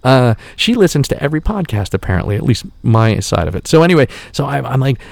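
A man's voice: medium pitch, quick pace, creaky, no echo, studio quality. A man telling a rambling, profane story on a podcast in a casual tone, acting out the people he quotes. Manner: profane, animated, acts out quotes. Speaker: podcast host.

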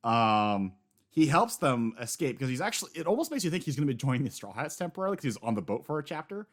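Man, casual podcast chat, very lively pitch, laughs often. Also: quick pace. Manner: animated, laughs often, acts out quotes. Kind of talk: casual anime discussion.

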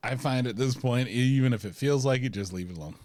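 A man's voice: mid-range voice, fast, darkish tone, dry recording. A man co-hosting a podcast, chatting casually and opening the show with playful, mock-lofty wording. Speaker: podcast co-host. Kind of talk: casual chat and mock-grand show intro.

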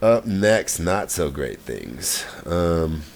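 Low-voiced male podcast co-host, relaxed gaming-news chat, rambling delivery. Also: very slow, slight background noise. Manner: conversational, trails off and restarts.

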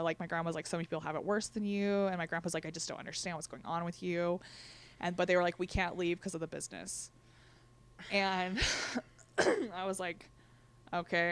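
A woman's voice: fairly low pitch, clean tone. Young woman telling a personal story. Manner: laughs between lines, quotes others in lively voices. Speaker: guest sharing a personal story. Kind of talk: candid conversational storytelling.

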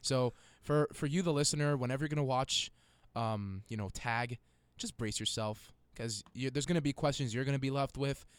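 A man's voice: mid-range voice, normal speed, clear, resonant tone, dry recording. A man co-hosting a casual podcast, joking crudely and laughing often. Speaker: podcast co-host. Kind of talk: casual chat. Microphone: studio mic.

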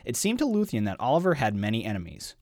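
Male podcast host, lively storyteller, dry close sound. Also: medium pitch, fast, no echo. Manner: animated storyteller, frequent "like" fillers. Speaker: podcast co-host recapping a book. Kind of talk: casual chat and reading book passages aloud.

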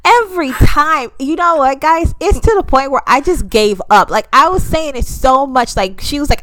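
High, lively woman podcast co-host. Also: normal speed, few pauses, no echo, low-quality recording. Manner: animated, emphatic, laughs often. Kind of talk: casual chat.

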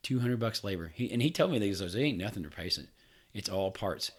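A man's voice: lowish voice, lively intonation, brisk, slightly rough. A man, chatting casually on a podcast. He rambles through a long story, swearing freely and laughing along the way. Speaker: podcast co-host. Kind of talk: casual chat.

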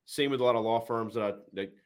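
A man's voice: medium pitch, fast talker. A male podcast host chatting casually with a guest, talking in a loose, rambling way. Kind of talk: casual interview chat.

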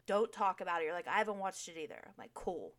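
A middle-aged woman in casual chat who tells lively stories, talks frankly, and swears freely. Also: fairly low pitch, fast talker, slight background noise.

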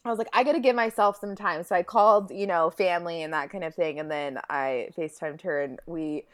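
A young woman co-hosting a podcast, telling a personal story in a casual, expressive way with frequent laughter. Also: on the low side, a little fast. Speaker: podcast co-host.

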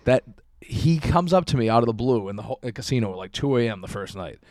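A man's voice: mid-range voice, animated, fast, darkish tone, no echo, studio quality. A young man telling a long story in casual chat, rambling and profane with lots of fillers.

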